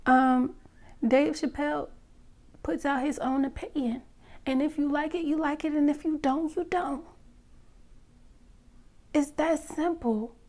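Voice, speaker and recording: A woman's voice: sits high, dark tone. A woman giving frank relationship advice straight to her viewers, emphatic and direct, often checking in with "okay?" and "you know?". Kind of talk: direct-to-camera opinion talk.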